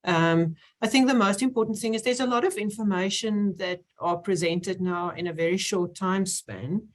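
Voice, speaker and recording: A woman chairing an online science symposium, introducing speakers with many pauses and fillers. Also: medium pitch. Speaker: session chair.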